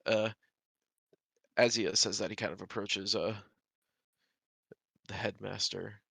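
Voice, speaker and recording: A male game master runs a tabletop game in a relaxed, unhurried way, leaning on lots of fillers. His fairly low voice is bright and forceful with vocal fry and a slight roughness, recorded close and dry.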